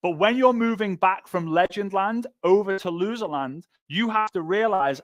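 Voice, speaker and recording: A man teaching a motivational marketing lesson on a livestream, energetic and punchy, repeating phrases for emphasis. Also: high-pitched, moderate pace, hardly any pauses, dry recording. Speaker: sales trainer. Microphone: livestream microphone.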